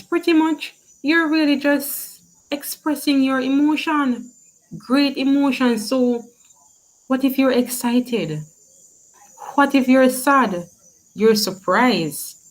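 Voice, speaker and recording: A woman teaches a class at an unhurried pace, pausing to ask questions and cheer answers on. Her tone stays encouraging throughout. Faint insect chirps sound behind her voice. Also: a little high, low-quality recording. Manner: slow, encouraging, asks questions and praises. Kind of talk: classroom lesson.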